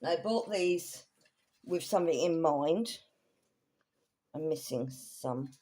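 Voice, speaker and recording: A woman's voice: low voice, lively intonation, slow pace, warm tone, slight background noise. A woman chatting casually through a thrift haul in a rambling, self-correcting way. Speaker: craft vlogger.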